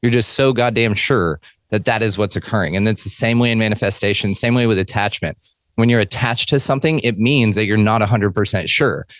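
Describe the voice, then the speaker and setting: A man chatting casually as a podcast guest, emphatic and animated, swearing freely. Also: fairly low pitch, a little fast, no room sound, clean studio sound. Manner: emphatic, profane, animated storyteller. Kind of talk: casual chat.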